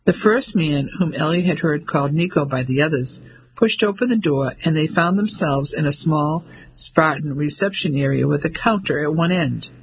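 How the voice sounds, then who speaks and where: A man narrating an audiobook in a steady, descriptive manner. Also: fairly high pitch, moderate pace, creaky, breathy edge, low-quality recording.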